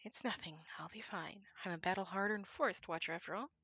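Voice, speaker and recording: A woman voicing a tired young woman forest ranger in a soft, half-whispered reading, scolding gently. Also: medium pitch, fast talker, slightly rough, no echo. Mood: tired, teasing.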